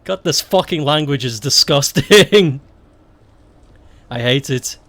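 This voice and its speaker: On a gaming live stream, a young man from Stoke-on-Trent, England speaks slowly in a fairly high, fairly bright voice. He's rambling and candid, swearing constantly and laughing often as he chats.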